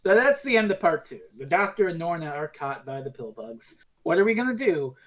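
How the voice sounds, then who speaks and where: A woman's voice: fairly low pitch, big pitch swings, fairly quick. A woman co-hosting a podcast in casual chat, blunt and swearing freely as she recaps. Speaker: podcast co-host.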